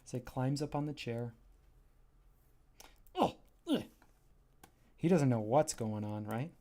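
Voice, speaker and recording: A man talking casually on a livestream as he pages through his own graphic novel. He rambles happily and trails off mid-sentence while hunting for pages. His voice sits at an ordinary middle pitch. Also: moderate pace, mellow. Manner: enthusiastic, rambling and self-interrupting.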